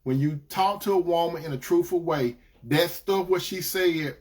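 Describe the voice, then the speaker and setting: Man with a fairly high voice, preaches relationship advice, repeats his points, swings between loud emphatic lines and soft asides. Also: normal speed. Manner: repetitive, addresses listeners as brothers and sisters. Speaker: Christian relationship advice speaker. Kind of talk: preaching-style advice talk.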